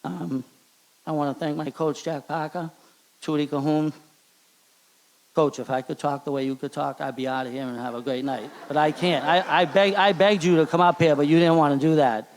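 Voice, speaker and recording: Boston guy, middle-aged, fairly high gravelly voice, halting heartfelt hall of fame speech at a banquet. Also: fairly even intonation. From Charlestown, Boston. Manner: halting, stumbles and repeats words. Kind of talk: emotional acceptance speech.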